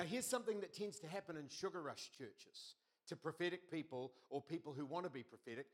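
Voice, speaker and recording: A middle-aged man preaching a sermon as pastor, telling stories with lively quoted voices. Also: fairly high pitch. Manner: animated storytelling with quoted voices.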